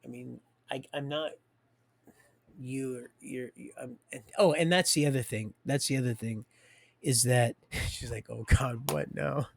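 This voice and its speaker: A man's voice: mid-range voice, a little slow. A man hosting a livestream, rambling and preachy, talking straight to his viewers. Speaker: livestream host.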